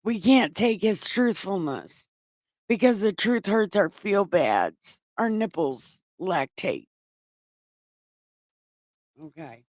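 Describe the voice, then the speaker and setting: A woman reads scripture in a casual way and keeps breaking in with sarcastic, profane remarks. She talks slowly, in a mid-pitched voice. The recording is dry and close, with no room echo. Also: big pitch swings, a little mellow. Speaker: online Bible reader and commentator. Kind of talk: casual scripture reading with commentary.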